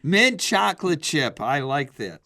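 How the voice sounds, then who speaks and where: A man's voice: fairly high pitch, sing-song, unhurried, crowd noise. A man co-hosting a podcast, jokey and sharing trivia in casual chat. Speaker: podcast co-host.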